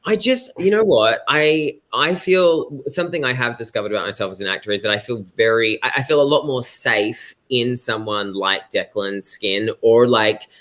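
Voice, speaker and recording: Male actor, forward bright tone, loose self-deprecating chat. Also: mid-range voice, normal speed, few pauses. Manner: rambling, self-deprecating, laughs often. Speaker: actor guest. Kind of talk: casual chat on a video call.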